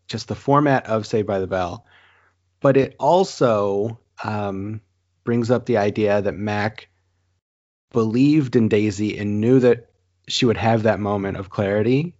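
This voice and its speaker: A man in casual podcast chat, making a thoughtful point with halting restarts. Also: on the low side, darkish tone, dull audio. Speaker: podcast co-host.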